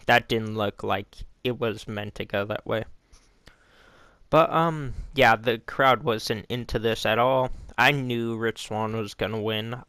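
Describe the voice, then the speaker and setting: Slow, rambling man recapping wrestling. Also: mid-range voice, fairly bright tone, clear, resonant tone, dry recording. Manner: rambling, self-correcting, loose and informal. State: hiccups. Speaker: wrestling show reviewer. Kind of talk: casual recap commentary.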